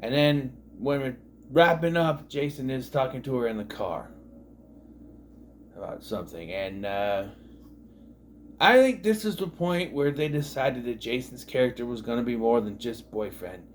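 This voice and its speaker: A man in his thirties talks through a TV episode in a loose, meandering way, tossing in sarcastic spoiler jokes and plenty of fillers. His voice sits at an ordinary middle pitch. A faint background hiss runs under the recording. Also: lively intonation, moderate pace. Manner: rambling and sarcastic, with many fillers and asides. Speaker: TV show reviewer. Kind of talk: casual recap commentary.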